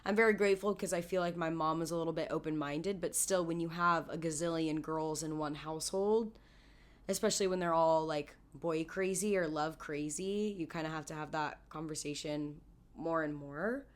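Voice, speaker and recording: A young woman with a raspy voice, a little sick, co-hosting a podcast and rambling through a casual chat with frequent restarts. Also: low voice, fairly even intonation, moderate pace. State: getting sick. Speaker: podcast co-host.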